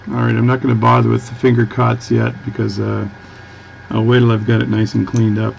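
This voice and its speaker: A man's voice: medium pitch, monotone, brisk, gravelly, lo-fi sound, a little hiss or hum. A Canadian man with a Canadian accent, chatting casually as he works through a watch repair, rambling and restarting often. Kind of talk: casual workbench tutorial.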